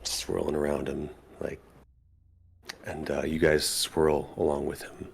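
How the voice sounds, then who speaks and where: A man's voice: rumbling low, flat delivery, a little slow, vocal fry, breathy edge. A man narrating a tabletop horror game as game master, hesitant with many fillers and frequent laughs. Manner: hesitant, full of ums and likes, laughs often.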